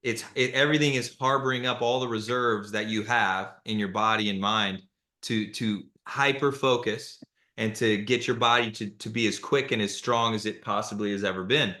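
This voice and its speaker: A man who is a retired athlete, giving reflective, measured answers as a guest in a live interview. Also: lowish voice, fairly even intonation, sharp tone, reverberant.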